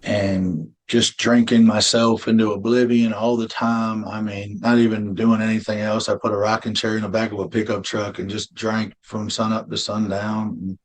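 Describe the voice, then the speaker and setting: A man's voice: lowish voice, level tone, moderate pace, hardly any pauses. Blunt, plain-spoken man telling hard story. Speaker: guest telling his testimony. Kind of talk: emotional personal storytelling.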